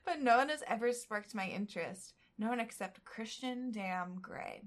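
A woman's voice: a little high, moderate pace. A woman co-hosting a casual podcast, reading a novel aloud and breaking off into joking asides.

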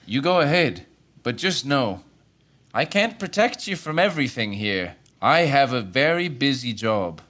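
A man's voice: mid-range voice, sing-song, a little slow, fairly bright tone. A man voicing a stern, busy male mercenary college master in a tabletop game, speaking in a dry, world-weary way. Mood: warning.

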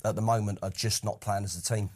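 A man's voice: on the low side, steady tone, quick pace, a little mellow, breathy edge. A man discussing football in a casual chat, earnest and agreeable. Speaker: pundit.

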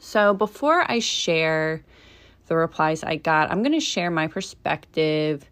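A woman's voice: low-pitched, animated, unhurried, a bit bright, smooth. A young woman hosting her podcast as a doula, chatting in a casual, opinionated way and laughing often.

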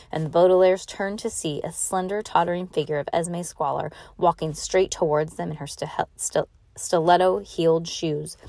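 A woman's voice: on the low side, dark tone, no room sound. A woman reading a novel aloud to her child in a casual, homey way, now and then stumbling over a word and starting the line again. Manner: casual, stumbles and restarts, laughs and comments between passages.

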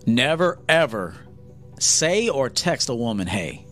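A man's voice: mid-range voice, animated, moderate pace, a bit bright, soft background music. A man giving a blunt, profane lecture to men as a dating coach on a livestream.

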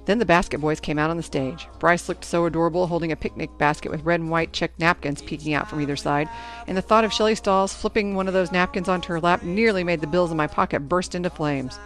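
A woman narrating a first-person storybook in an expressive, anxious telling. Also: fairly low pitch, fast, faint music behind. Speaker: audiobook narrator.

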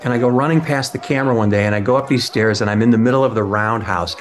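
A man's voice: mid-range voice, quick pace. A man telling a casual anecdote in a wry tone, laughing now and then. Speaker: actor telling a story.

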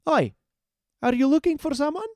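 A man's voice: sits high, wildly swooping pitch, measured pace, dark tone, no room sound, studio quality, pitched above the performer's own voice, full character voice. A man voicing a bold, cheeky young woman hero in a read-aloud story, talking brash and playful.

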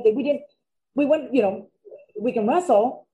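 A woman guest who used to wrestle tells animated backstage anecdotes in casual chat. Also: medium pitch, normal speed, poor audio. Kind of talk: casual storytelling.

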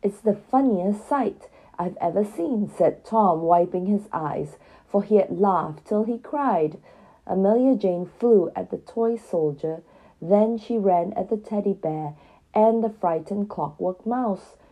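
Woman narrator for children's stories; gentle, even, deep mellow tone with a husky texture. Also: slow, rough recording. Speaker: storyteller. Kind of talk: reading a children's story aloud.

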